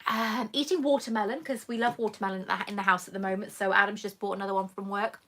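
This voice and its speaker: A woman's voice: mid-range voice, steady tone, fast talker, bright, forceful tone. A woman hosting a casual live chat, reading viewer comments aloud and calling people darling. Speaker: YouTube host answering live chat questions.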